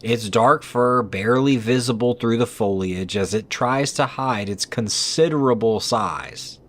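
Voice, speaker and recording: A man's voice: medium pitch, a little slow, a bit bright. A man narrating trail cam clips in a scripted, conversational way with skeptical asides.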